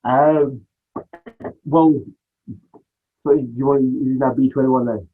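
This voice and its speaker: Husky man on a tinny line. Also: medium pitch, fairly even intonation, takes it slowly. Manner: rambling, acts out quoted dialogue. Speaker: podcast guest, music producer. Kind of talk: casual storytelling interview.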